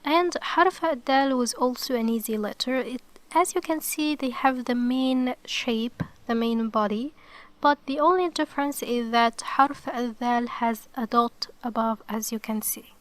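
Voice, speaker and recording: Slow and careful, a woman teaches beginners the Arabic alphabet, patiently explaining each step and checking in with "okay." Her voice is on the high side and a bit bright.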